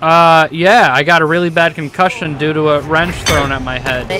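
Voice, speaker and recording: A man giving excitable, swearing gameplay commentary, joking to himself as he plays. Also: a little high, normal speed, background noise. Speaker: gaming video host.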